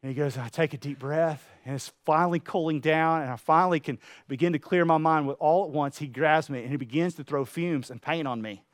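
A man preaching a sermon to a room, telling a parable with lively acted-out voices. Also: on the high side, a little fast, few pauses, no echo, clean studio sound. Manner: animated storytelling, acting out voices. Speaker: pastor. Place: room with an audience.

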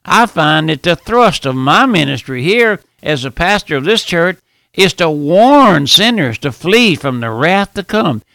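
Male pastor, fiery radio sermon delivery, high gravelly tone. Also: sing-song, measured pace, no room sound. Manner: fervent preaching, swings from pleading hush to shouting.

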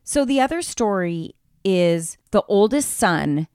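A woman's voice: mid-range voice, slow pace, clear, resonant tone, no room sound, studio quality. A woman co-hosting a podcast, dishing reality TV gossip in casual chat, swearing freely and acting out what people said. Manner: animated, swearing, acts out quotes. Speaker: podcast co-host.

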